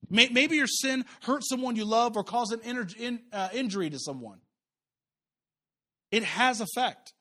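A man's voice: sits high, fairly bright tone. A man pastor preaching a sermon in a conversational way, restarting words and turning to the congregation with asides.

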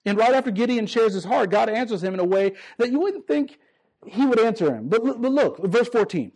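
A man preaching a sermon, emphatic and conversational, repeating phrases and stumbling over restarts, slowing down to stress key lines. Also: extremely high pitch, expressive, a little mellow. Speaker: pastor.

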